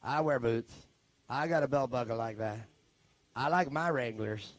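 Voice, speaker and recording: A man voicing an offended country man who speaks in a gruff, defensive grumble. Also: medium pitch, normal speed, no echo, pitched below the performer's own voice, natural voice. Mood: indignant.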